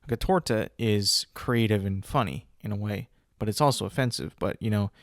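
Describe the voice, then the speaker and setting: A man's voice: lowish voice, moderate pace, no echo, studio quality. A young man hosting a solo podcast, telling stories in a rambling, casual way with many fillers. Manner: rambling, filler-heavy storytelling. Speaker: podcast host.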